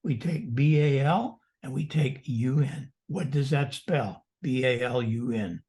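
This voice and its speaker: An older man, the guest presenter, answering questions on a video call in an animated storytelling way with mock-indignant asides. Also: mid-range voice, a little slow, slightly rough.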